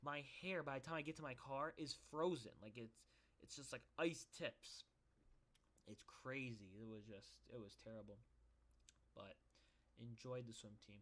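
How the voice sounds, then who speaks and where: With a medium-pitched, slightly bright voice, a young man vlogs in a relaxed, wandering monologue. His storytelling leans on self-deprecating jokes.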